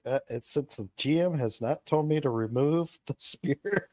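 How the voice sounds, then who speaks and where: A man's voice: on the high side, normal speed, darkish tone, dry recording, clean studio sound. A man playing a tabletop role-playing game, thinking aloud in a playful way. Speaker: player. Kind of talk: in-character tabletop role-play.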